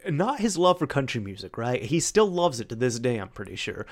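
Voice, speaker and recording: Young male podcast host, casual rambling storyteller, mid-pitched. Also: sing-song, a little fast. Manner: chatty, rambling with fillers and acted-out quotes.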